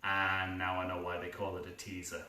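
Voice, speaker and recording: A man performing a live solo comedy show on stage, sardonic and quick with asides. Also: low-pitched, monotone, sharp tone. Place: small theatre stage. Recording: roomy theatre, from a distance.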